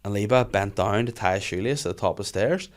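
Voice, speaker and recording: A man hosting a podcast, telling animated stories in casual chat and swearing freely. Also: fairly low pitch, quick pace. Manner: animated storytelling, frequent swearing. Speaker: podcast host.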